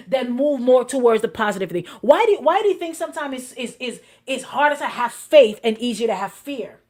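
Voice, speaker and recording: A woman pastor preaching a sermon in a lively, conversational way, acting out inner voices and laughing along. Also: sits high, slightly rough.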